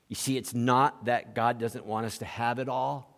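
A male pastor preaching an animated sermon, acting out quoted voices and chuckling between points. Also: medium pitch, normal speed, creaky. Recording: long hall reverb.

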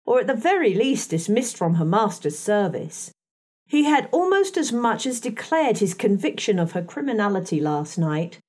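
A woman reading a classic novel aloud in a measured, expressive first-person narration. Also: medium pitch. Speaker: audiobook narrator.

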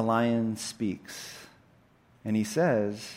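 A male pastor giving a sermon, telling stories that swell in intensity and then drop to a low, quiet tone. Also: a little slow. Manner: storytelling, building up scenes with rising intensity then dropping low.

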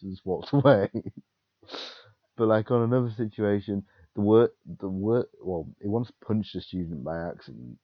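A young man co-hosting a casual chat, telling animated stories and acting out quotes. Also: fairly low pitch, brisk, no echo, highs cut off. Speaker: podcast co-host.

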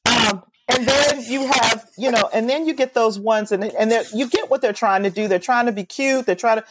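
A woman, a mother, co-hosting a casual chat, animated and opinionated, mimicking people in mocking voices. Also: a little high, normal speed. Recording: loud background hiss.

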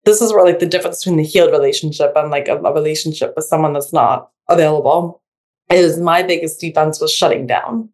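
Woman w a lowish voice, chatting casually, lots of likes n restarts. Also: darkish tone. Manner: halting, fills speech with "like" and restarts. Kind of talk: casual conversation.

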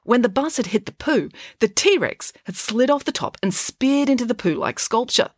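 Husky, expressive woman storyteller. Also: a little high, moderate pace, no echo, studio quality. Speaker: author and narrator. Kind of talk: audiobook-style story reading.

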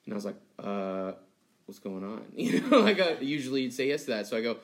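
A young man preaching in a relaxed, conversational way, his voice sitting in a middle register. He tells stories with lively energy, slips into quick voices for the people in them and laughs along with his words. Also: medium pitch. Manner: conversational and animated, acting out childhood dialogue with laughs. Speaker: pastor. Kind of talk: sermon.

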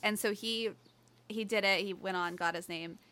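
A woman's voice: medium pitch, steady tone, moderate pace, pushed and bright, clean tone. A woman chatting casually, telling rambling stories full of fillers and quoted lines. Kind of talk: casual chat.

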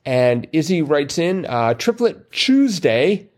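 Relaxed, chatty male podcast co-host. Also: a little high, slow pace. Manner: relaxed, wordy, many fillers, dry wordplay jokes. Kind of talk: casual chat about crosswords.

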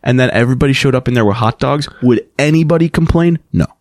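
A young man co-hosting a podcast, reading out news items and cracking wry, deadpan jokes. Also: medium pitch, fast, no room sound, clean studio sound. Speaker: podcast co-host. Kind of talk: casual comedic chat, reading news aloud.

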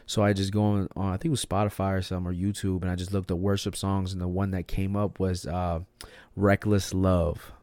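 A young man telling his personal testimony in a casual, slangy way, swinging from hushed to loud and emphatic. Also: low-pitched, little pitch movement, fairly quick, dry recording. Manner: slangy and emphatic, says "bro" and "like" a lot. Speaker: podcast host sharing his testimony.

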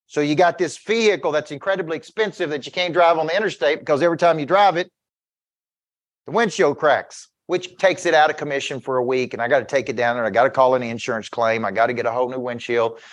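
Intense man coaching a crowd. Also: medium pitch. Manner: intense, keeps checking in with listeners. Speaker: business coach. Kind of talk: motivational talk to an audience.

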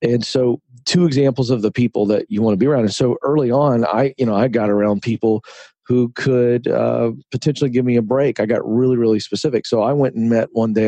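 A man's voice: on the low side, mellow, breathy edge, no echo. A middle-aged man, an author and broadcaster, speaking earnestly in an interview and telling stories with emphatic repetition. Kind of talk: conversational interview.

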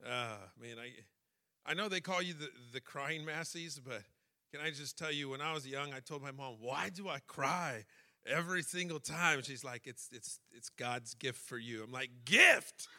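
A man preaching a sermon, emotional and personal, building to shouted fervor. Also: medium pitch, normal speed.

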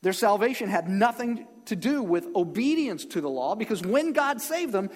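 A man's voice: sits high, lively intonation, moderate pace, few pauses, in a large hall. A man preaching a sermon as pastor, emphatic and pressing his listeners to take each point in. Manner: emphatic, calls on the congregation to respond.

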